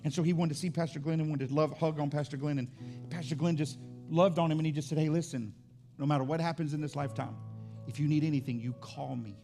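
A man preaching a sermon in a conversational, testimony style. He often repeats words as he builds up, and he climbs higher and louder when stirred. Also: steady tone, fast, creaky, faint music behind. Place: church service.

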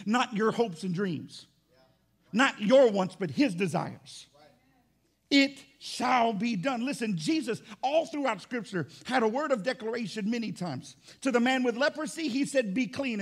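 A man preaching a sermon as pastor, emphatic and rising to shouts. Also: very high voice.

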